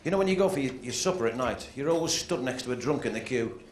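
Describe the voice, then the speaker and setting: A man's voice: mid-range voice, expressive, quick pace. A man doing observational stand-up comedy on stage, chatting and putting questions to the audience. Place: stage before a live audience. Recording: roomy live-show audio with loud background noise.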